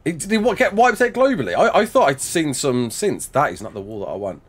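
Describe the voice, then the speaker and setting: Male streamer, 30s, lively swooping pitch, chatty and excitable, reads chat aloud mid-game. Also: a little fast, husky. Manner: animated, reacts to chat with laughs and outbursts. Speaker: livestreamer. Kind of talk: casual livestream chat while playing.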